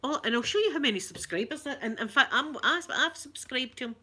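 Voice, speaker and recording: A woman's voice: high-pitched, animated, brisk, pushed and bright, slightly rough. A woman with a Scottish accent chatting casually with viewers on a live stream, giggling often and reading out comments. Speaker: ASMR channel host.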